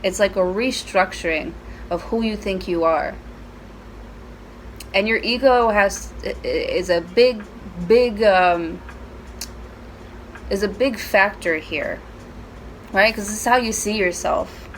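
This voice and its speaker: A woman's voice: mid-range voice, takes it slowly, pauses often, a little hiss or hum, low-quality recording. A woman giving a casual tarot reading at home, chatty and playful, with frequent swearing. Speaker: tarot reader.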